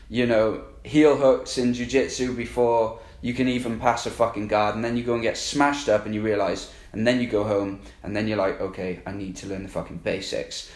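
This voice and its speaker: A man, a coaching client, candidly recounting his experience in a rambling, profanity-heavy way. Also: on the low side. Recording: roomy echo.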